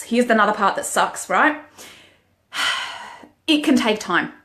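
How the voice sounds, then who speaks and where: A woman's voice: fairly high pitch, fairly bright tone. Frank woman, heartfelt live stream. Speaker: life coach. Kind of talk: live-stream motivational monologue.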